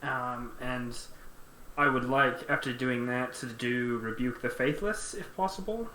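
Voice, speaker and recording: A man playing a tabletop game, stating his actions and rolls in an unhurried, hesitant way. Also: medium pitch, bright, forceful tone. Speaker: player. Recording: roomy echo, faint noise.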